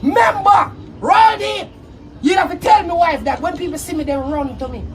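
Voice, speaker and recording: A Jamaican man in a shouty patois diss rant, laughing loudly between threats. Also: extremely high pitch, fast talker, far from the mic, slight background noise. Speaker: social media personality. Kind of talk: angry diss rant to camera.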